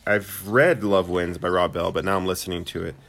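A man's voice: low voice, steady tone, a little fast, vocal fry, a bit bright, slight background noise. A man co-hosting a casual home podcast, talking in a rambling, hesitant way with a dry, sarcastic streak. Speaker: podcast co-host. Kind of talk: casual chat.

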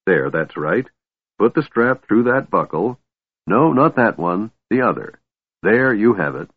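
A man's voice: fairly low pitch, big pitch swings, unhurried, breathy edge, dry recording, heavily acted. A man voicing a patient, deferential male bronze dragon, for a storybook reading. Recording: tinny phone-like dry sound.

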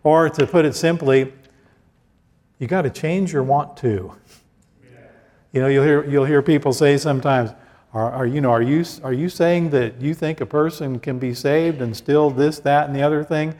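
A man's voice: fairly high pitch, normal speed, darkish tone. Male preacher in a reverberant hall. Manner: conversational preaching, many restarts and asides, reads scripture aloud. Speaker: pastor. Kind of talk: sermon.

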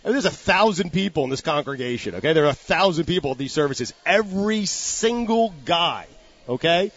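Fast-talking, with a slightly high voice, this middle-aged sports radio host tells a story on a casual segment, eagerly restarting and repeating phrases. The sound is somewhat dull and lo-fi.

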